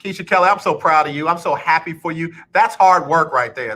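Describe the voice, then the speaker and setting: A man hosting a radio talk show, chatting casually and emphatically, rising loud when excited. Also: a little high, brisk, hardly any pauses.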